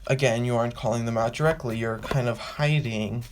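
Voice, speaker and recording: A man's voice: medium pitch, fairly quick, slight background noise. Rambling male fan explainer. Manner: rambling, restarts and repeats phrases; acts out quoted lines with a raised voice. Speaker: fan video host. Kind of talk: casual fan explainer monologue.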